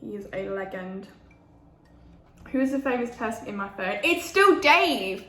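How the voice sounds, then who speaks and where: A woman's voice: medium pitch, normal speed. Chatty young woman. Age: 20s. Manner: chatty, eating while talking. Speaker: food vlogger. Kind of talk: casual mukbang chat. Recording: echoey room with faint ambience.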